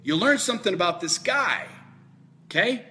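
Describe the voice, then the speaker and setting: A man's voice: high-pitched, lively intonation, normal speed, pushed and bright. A man giving a fired-up political monologue, emphatic and repetitive, with lots of swearing. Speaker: political commentator.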